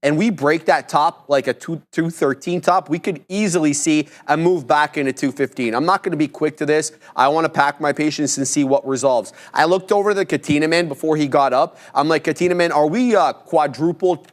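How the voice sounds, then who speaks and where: A man's voice: a little high, brisk, few pauses. A man hosting a live trading stream, walking viewers through his chart levels in a patient, explanatory way. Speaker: day trader host.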